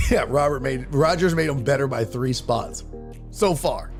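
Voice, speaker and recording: A man's voice: mid-range voice, moderate pace, soft background music. A man hosting a live-streamed sports talk show, ranting with lots of profanity and answering viewer chat.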